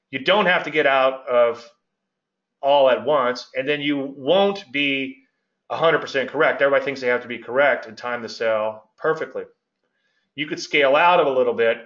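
A man's voice: medium pitch, a bit bright. A middle-aged man hosting a casual trading commentary, gregarious and rambling, often breaking off mid-sentence. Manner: gregarious, rambling, self-interrupting. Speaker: market analyst and show host. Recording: dull lo-fi audio.

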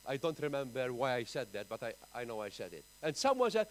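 A man with a Maltese accent preaching a sermon in church, emphatic, with big swings in pitch and loudness. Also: sing-song, a little fast, few pauses, low-quality recording. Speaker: pastor.

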